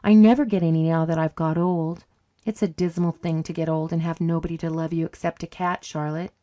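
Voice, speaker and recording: Grim, clipped older lady with a low, dark voice, read by a woman narrator. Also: little pitch movement, a little fast, no room sound, lightly acted. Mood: wry. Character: bitter proud older tall woman. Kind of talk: audiobook reading.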